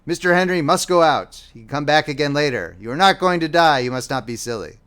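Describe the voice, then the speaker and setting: Curt firm doctor guy, clipped and lively pitch, man reading him. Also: a little fast, clear, resonant tone. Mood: stern. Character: stern male hospital doctor, curt.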